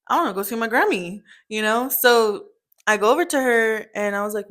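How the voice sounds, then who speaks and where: A woman's voice: mid-range voice, moderate pace, a bit bright. A young woman telling her mother a family story in casual chat, full of "like" and "um" fillers.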